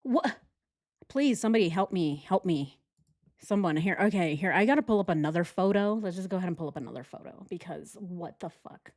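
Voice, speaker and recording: A woman's voice: lowish voice, lively intonation, brisk, darkish tone. A woman hosting a true crime channel, reacting with frequent sighs, swearing and appeals to her viewers. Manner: exasperated, swearing, sighing a lot; asks her viewers directly. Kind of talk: reaction commentary.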